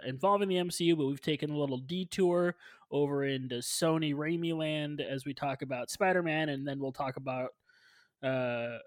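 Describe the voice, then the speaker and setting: A man's voice: a little high, dry recording. A man hosting a casual movie podcast, upbeat and jokey as he introduces guests and reads the show plugs. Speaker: podcast host.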